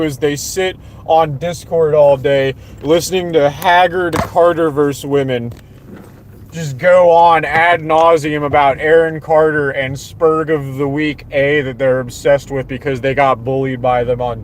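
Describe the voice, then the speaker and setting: A man's voice: fairly high pitch, steady tone, unhurried, a little hiss or hum. A young man from Southwest Florida with a Southern American accent, ranting sarcastically on a livestream and repeating his jabs over and over. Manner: sarcastic, repetitive, mocking. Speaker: livestream host.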